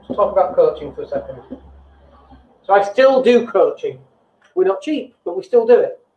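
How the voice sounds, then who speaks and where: A man's voice: sits high, very animated, normal speed. A man hosting a business show, talking bluntly and mocking himself, now and then mimicking people in sing-song voices. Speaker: business coach and show host. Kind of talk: casual motivational talk to viewers. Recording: echoey room over a phone-like thin line.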